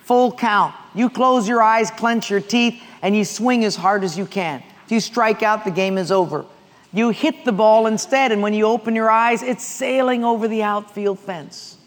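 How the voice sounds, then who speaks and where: A man's voice: high-pitched, moderate pace, in a large hall. A man preaching a sermon, telling stories and asking the congregation questions to answer aloud. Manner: storytelling with call-and-response questions. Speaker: pastor.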